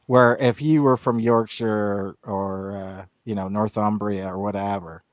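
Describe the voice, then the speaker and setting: A man's voice: on the low side, steady tone, a little slow, no room sound. Rambling Northern Irish man, dry sound. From Northern Ireland. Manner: rambling, many restarts and "you know". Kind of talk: casual chat.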